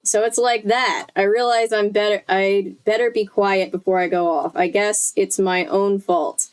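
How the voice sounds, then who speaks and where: A woman's voice: medium pitch, steady tone, unhurried, clean tone. A woman reading a book aloud, breaking off often to react and laugh. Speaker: host.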